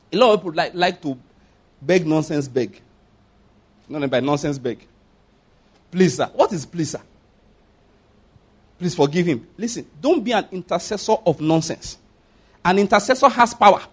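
Delivering a sermon in a Nigerian accent, a man speaks emphatically and rhetorically, dramatizes quoted pleas, and keeps checking that listeners follow his point. His high-pitched, husky voice is animated and a little fast, with frequent pauses.

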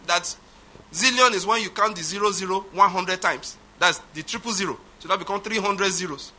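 Pastor guy preaching, high husky voice, pushes hard then drops quiet. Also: brisk. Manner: emphatic preaching, rising to loud exclamations and quieting to asides. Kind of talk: sermon.

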